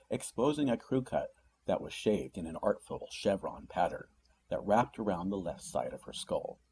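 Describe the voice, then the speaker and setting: A man narrating a novella audiobook in an expressive, dramatic style. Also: fairly low pitch, slight background noise. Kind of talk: scripted narration.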